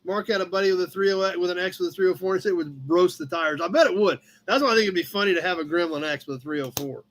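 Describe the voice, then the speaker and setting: A man's voice: high voice, racing, fairly bright tone, a little hiss or hum. A man hosting a casual live chat from his shop office, rambling through an old car magazine and chatting to his cat along the way. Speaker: livestream host.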